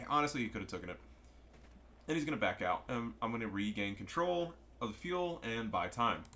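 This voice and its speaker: A man's voice: mid-range voice, bright, forceful tone. A man giving casual, joking and profane commentary over a strategy game match. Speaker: gameplay commentator.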